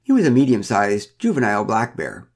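A man's voice: lowish voice, huge pitch swings, brisk, a little mellow. A man reading a first-person story aloud with a wry, dryly humorous manner. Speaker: narrator.

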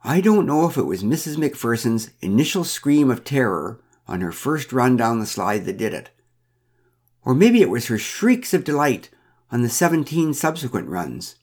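Wry male storyteller with a lively voice. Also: medium pitch, normal speed. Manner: wry, dryly humorous. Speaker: narrator. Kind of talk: first-person story reading.

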